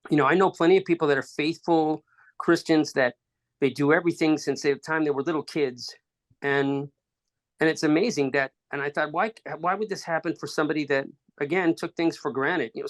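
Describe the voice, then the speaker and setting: A man telling a personal story as a podcast guest, in halting phrases with restarts, acting out quoted dialogue. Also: a little high.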